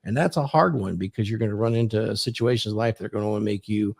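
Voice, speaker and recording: Low-voiced man lecturing on a podcast. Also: quick pace, vocal fry, darkish tone, breathy edge, dry recording, studio quality. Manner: lecturing, explanatory. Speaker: podcast guest, author. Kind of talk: casual podcast chat.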